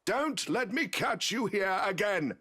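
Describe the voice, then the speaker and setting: A woman's voice: mid-range voice, lively intonation, slow pace, a bit bright, husky, exaggerated voice. Woman doing a curt, annoyed custodian man. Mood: irritated. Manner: curt, irritated, barking. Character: gruff annoyed male custodian.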